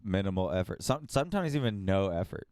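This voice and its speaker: A man's voice: low-pitched, sing-song, fairly quick, darkish tone, no echo, clean studio sound. A man from the Kansas City area, a stand-up comedian, telling stories in a laid-back way on a podcast and saying "dude" and "bro" a lot. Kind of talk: casual chat. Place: podcast room with brick walls.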